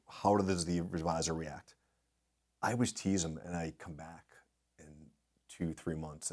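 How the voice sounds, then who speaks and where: A middle-aged man speaking as a guest in an interview, telling lively anecdotes and acting out the voices of people he quotes. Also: low-pitched. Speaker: guest speaker, industry consultant. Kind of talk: storytelling in a podcast interview.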